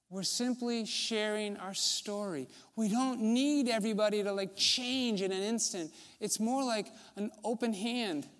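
A man preaching a sermon as pastor, conversational with rhetorical questions, often dropping to a soft, low voice. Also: in a large hall.

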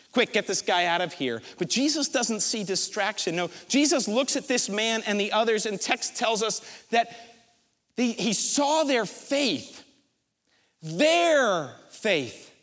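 A pastor with a notably high voice tells a story from the pulpit, building it up in vivid detail with dramatic pauses. His words carry a long reverb from the large church hall around him. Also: a bit bright. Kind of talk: sermon.

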